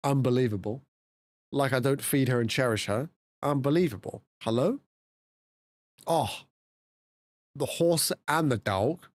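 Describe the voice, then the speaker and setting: A man streaming, chatting casually and laughing, dropping to low mutters and jumping to high exclamations. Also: unhurried, pauses often, dry recording. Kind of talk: casual live-stream chat.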